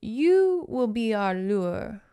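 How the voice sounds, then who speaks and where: A woman voicing a menacing, seductive male army major, low and breathy. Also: big pitch swings, extremely slow, mellow, exaggerated voice.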